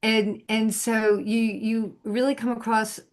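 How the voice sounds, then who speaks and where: A woman's voice: on the high side, flat delivery, takes it slowly. A woman hosting a video call, affirming and effusive, with frequent agreeing murmurs.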